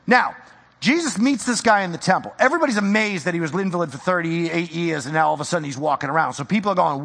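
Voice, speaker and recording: A man preaching a sermon in a casual, animated way, slipping into slang and acting out the people in the story. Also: high-pitched, fast, in a large hall. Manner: animated, casual slang, acts out quoted voices. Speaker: pastor.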